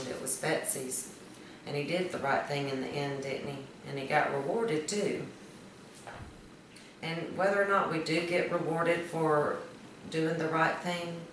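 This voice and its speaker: A woman reading children's stories aloud in a gentle, moralizing way, often ending with a rhetorical question. Her voice is distant and very echoey, with steady noise behind it. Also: low-pitched. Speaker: storyteller.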